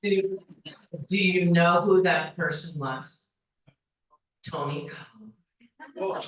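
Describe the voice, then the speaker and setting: A woman in her forties giving a humorous storytelling speech at a banquet, acting out the people in her stories with high voices. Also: extremely slow, dull audio. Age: 40s. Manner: animated, acts out dialogue with high-pitched quoted voices. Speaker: banquet speaker. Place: banquet hall. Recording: echoey hall, voice from far off.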